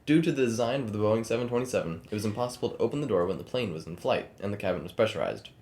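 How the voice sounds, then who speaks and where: A man's voice: fairly low pitch, slight background noise. A man co-hosting a podcast, reading a true-crime story aloud between casual banter with friends. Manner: quick, reads script in steady storytelling cadence. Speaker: podcast co-host narrating the story. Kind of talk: casual podcast chat and read narration.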